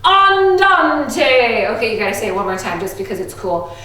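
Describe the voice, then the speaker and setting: A woman's voice: medium pitch, fairly even intonation, rapid-fire. A woman teaching an online music lesson to young children, upbeat and playful, with an exaggerated teacher voice. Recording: very echoey room, distant from the mic.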